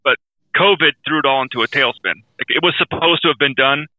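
A man's voice: on the high side, fairly quick, no room sound. A man co-hosting a podcast, chatting casually in a blunt, rambling way, often apologizing for what he says. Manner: blunt, rambling, self-deprecating. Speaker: podcast co-host. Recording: tinny phone-like sound.

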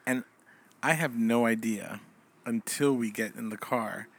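A man's voice: medium pitch, measured pace, creaky, fairly bright tone, husky. A man co-hosting a casual chat podcast, teasing his partner with playful banter. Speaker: podcast co-host.

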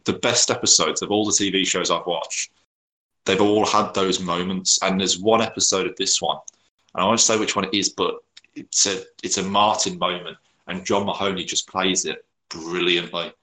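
A man with a very deep voice that still carries a bright, forceful edge. He chats easily, agreeing often and adding his own views. He is co-hosting a casual podcast. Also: steady tone, rough recording. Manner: agreeable, quick to chime in with yeah. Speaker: podcast co-host. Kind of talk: casual chat about a sitcom.

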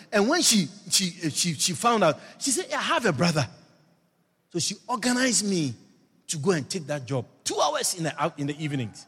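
A middle-aged man from Ghana with a Ghanaian accent, a bishop preaching a sermon built on a personal story, animated, laughing often and breaking into shouts. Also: sits high, slightly rough. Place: church hall. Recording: church hall reverb, faint music.

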